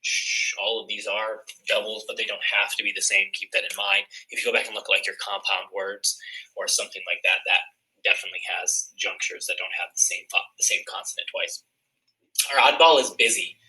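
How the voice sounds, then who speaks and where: A man teaching a recorded phonics lesson, explaining word patterns clearly, step by step. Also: lowish voice, steady tone, quick pace, bright, forceful tone, rough recording.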